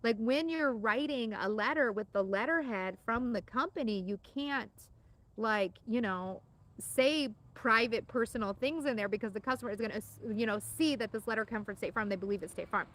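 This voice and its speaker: A woman's voice: on the high side, normal speed, fairly bright tone. Chatty woman explaining exam material. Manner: chatty, explains with many fillers and repeated words. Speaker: insurance exam tutor. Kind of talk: casual exam-prep lesson.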